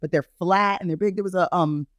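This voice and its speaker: A man co-hosting a podcast in casual chat, animated and jumping high in pitch for emphasis. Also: fast, no room sound, studio quality. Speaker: podcast co-host.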